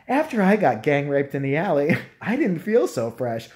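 Vlogger, ranting commentary, profane, mocking, laughing, very lively pitch, mid voice. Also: normal speed.

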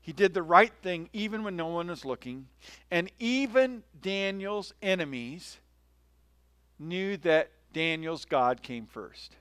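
A male pastor delivers a sermon in a friendly, storytelling way, often pausing to ask his listeners "right?" His voice sits a little high for a man. The sound is dry, with almost no room echo. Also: expressive, a bit bright, clear, resonant tone. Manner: conversational, tells stories, often checks in with "right?". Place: church.

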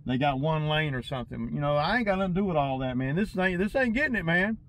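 Lawn-care boss, higher-pitched man's voice, venting to camera in a rambling, agitated way, with faint outdoor noise behind him. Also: expressive, fast talker, a bit bright, poor audio. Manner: agitated, rambling, stumbles and repeats himself. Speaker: lawn care business owner. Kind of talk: casual vlog rant to viewers.

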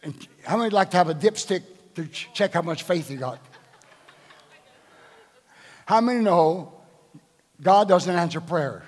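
A man's voice: high voice, expressive, measured pace, pauses often. An older man, a bishop, preaching a sermon at a live church service and quizzing the congregation with rhetorical questions. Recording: echoing church hall.

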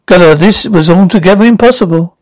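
A man reading as a courtly, old-fashioned gentleman. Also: high voice, no echo, lightly acted, poor audio. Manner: formal archaic phrasing, halting.

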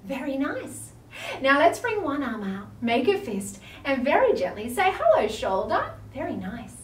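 A woman's voice: high voice, wildly swooping pitch, measured pace. A woman with an Australian accent leading an online yoga class for toddlers, talking in a playful sing-song way with big gasps of surprise. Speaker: kids' yoga teacher. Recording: roomy, distant mic with faint ambience.

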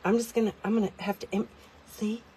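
A woman vlogging a chatty product demo from inside a tiny car, rambling, self-deprecating and easily excited. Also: mid-range voice, fairly quick, slight background noise.

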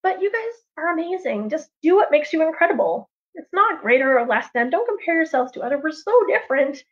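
A woman's voice: high voice, sing-song, a little fast. A woman voicing a wise, patient bear who reasons earnestly with the other animals. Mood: reassuring. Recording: dull lo-fi livestream audio.

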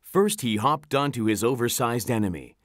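A narrator reading a children's storybook aloud in an animated, expressive way. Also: medium pitch, normal speed, dry recording, studio quality.

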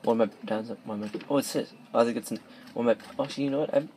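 Rapid-fire yet mellow, a teenage boy with a medium-pitched, fairly even male voice rambles through let's play gameplay commentary. He keeps restarting sentences and mumbling asides in his bedroom, on a cheap or device mic with slight background noise.

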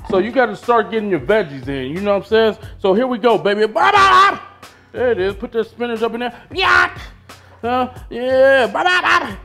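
A man hosting a fitness vlog, talking loud, hyped and slangy with a boastful edge. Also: sits high, fast, hardly any pauses, faint music behind. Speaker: fitness vlogger. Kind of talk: casual vlog.

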